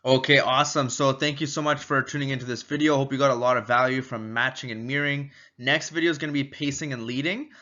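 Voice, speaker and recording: Bright-voiced man teaching sales rapport. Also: mid-range voice, quick pace, hardly any pauses, dull audio. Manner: energetic, repetitive, acts out little door-step exchanges. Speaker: sales and marketing trainer. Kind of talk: casual teaching video.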